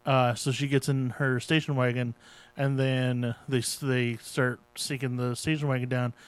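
A man co-hosting a casual chat, tossing in dry jokes and setting the record straight on details. He talks at a middle pitch. The sound is close and dead, with no room around it. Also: flat delivery, normal speed, smooth, no echo, low-quality recording. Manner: dry wisecracks, corrects others.

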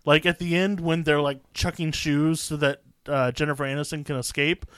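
Sarcastic 30s guy cohosting, slightly high voice, dry sound. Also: steady tone, normal speed, fairly bright tone, clean tone, no echo. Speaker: podcast co-host. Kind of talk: casual chat.

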